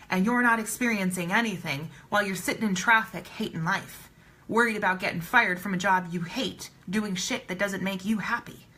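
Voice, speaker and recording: A woman's voice: on the high side, bright, forceful tone, low-quality recording. A woman giving a live-streamed motivational talk, emphatic and blunt, swearing casually and repeating her points for emphasis. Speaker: motivational speaker.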